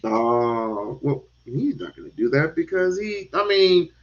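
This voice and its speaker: A man talking politics in a casual chat, animated and given to repeating words and casual swearing. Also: fairly high pitch, unhurried. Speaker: podcast host. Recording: dull lo-fi sound.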